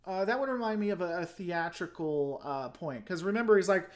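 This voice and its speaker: A host talking casually through a trailer reaction and answering comments from viewers. The delivery rambles and is plainly critical, and sentences are often begun again partway through. The pitch sits in a middle register. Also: fast, hardly any pauses. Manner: frank and opinionated.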